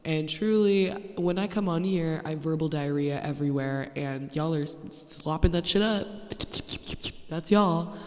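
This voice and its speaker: A woman's voice: low voice, fairly even intonation, moderate pace, mellow. A woman in her twenties hosting her podcast, telling stories in a blunt, sarcastic, profane way. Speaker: podcast host. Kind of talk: casual storytelling monologue. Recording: echoey, poorly placed handheld mic.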